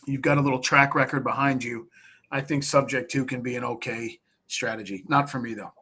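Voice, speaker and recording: A man's voice: medium pitch, steady tone, fairly quick, sharp tone, husky. A man being interviewed on a live stream, coaching investors in a blunt, plain-spoken way and acting out talks with sellers. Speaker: real estate investor guest.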